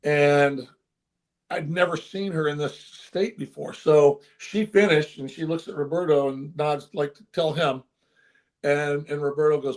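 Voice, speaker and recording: A man's voice: a little high, unhurried. Earnest older man telling a story. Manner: earnest, animated, with frequent restarts. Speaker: guest, former baseball manager. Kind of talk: emotional storytelling in an interview.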